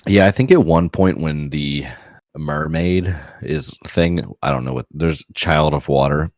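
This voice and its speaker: A man's voice: a bass voice, measured pace, darkish tone, dry recording. A young man co-hosting a casual game podcast, laid-back with dry humor, chuckling mid-sentence. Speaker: podcast co-host. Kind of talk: casual late-night game chat.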